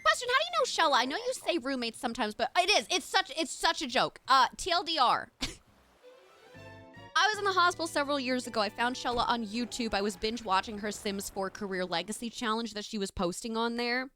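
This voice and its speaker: A woman's voice: fairly high pitch, expressive, moderate pace, pushed and bright, soft background music. A woman streamer chatting casually with her live chat while playing a game. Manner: chatty, bubbly, talks to chat.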